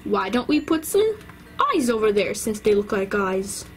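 A woman's voice: medium pitch, very animated, normal speed, natural voice. A woman voicing a toddler boy who loves math and shows off, in a toy-doll play video. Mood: chatty. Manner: show-off exclamations.

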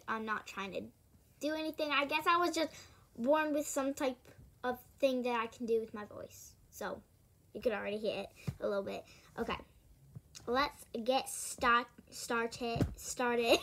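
A woman's voice: a little high, a bit bright, a little hiss or hum. A female vlogger talking casually to the camera, rambling, giggling and interrupting herself. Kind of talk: casual home vlog.

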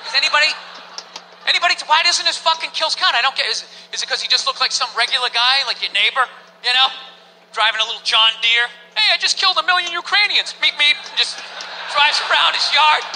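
Profane, bright-voiced stand-up comedian. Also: male voice, extremely high pitch, fairly quick, long reverb tail, slight background noise, poor audio. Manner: profane, incredulous ranting with rhetorical questions. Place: stage before a live audience.

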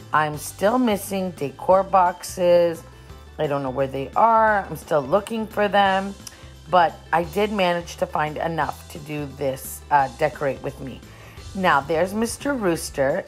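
A chatty woman vlogging about home decor with a slightly low voice. She gushes and rambles, repeating words in her excitement. Her voice rings in a roomy space, with faint music underneath. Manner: bubbly, gushing, repeats herself; rambling, talkative. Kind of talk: casual chatty vlog and voice-over.

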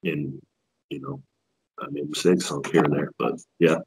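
A man's voice: very deep voice, big pitch swings, normal speed, vocal fry, a little mellow, husky, rough recording. A man who works as a ring announcer, telling stories in a laid-back, profane, self-deprecating way as a podcast guest. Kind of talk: casual podcast storytelling.

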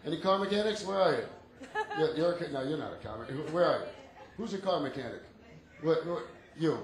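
A man's voice: a little high, lively intonation, fairly quick. A male stand-up comedian doing brash, profane crowd work on a comedy club stage. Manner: brash, profane, teasing audience members. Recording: echoey club, noisy crowd recording.

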